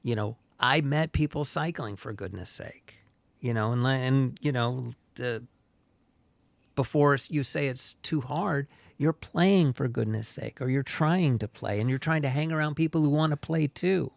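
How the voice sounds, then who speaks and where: Gravelly-voiced male podcast co-host. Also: medium pitch, normal speed, no room sound. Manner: rambling, many fillers and restarts. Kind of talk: casual chat.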